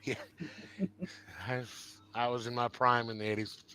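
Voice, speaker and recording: A man's voice: medium pitch, flat delivery, measured pace, pushed and bright, a little hiss or hum. A man co-hosting a casual comics chat, easygoing and self-deprecating. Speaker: co-host.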